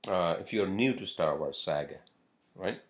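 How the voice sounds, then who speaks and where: A man's voice: sits low, measured pace. A man hosting a casual solo podcast who rambles and swears often, with many fillers and restarts. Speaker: podcast host.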